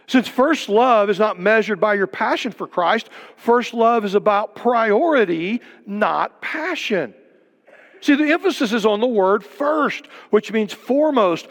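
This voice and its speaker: An older male pastor preaching with a fairly high voice, asking question after question and then sinking to a near-whisper for emphasis. His sermon rings out with a long reverb, as if recorded in a church sanctuary. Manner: emphatic preaching with rhetorical questions and sudden drops to a hush.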